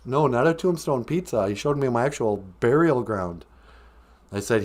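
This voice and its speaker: A man hosts a live-stream podcast, spinning a comic tale with playful asides. His pitch jumps around animatedly while his voice sits in an ordinary middle range. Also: expressive, normal speed, darkish tone. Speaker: podcast host.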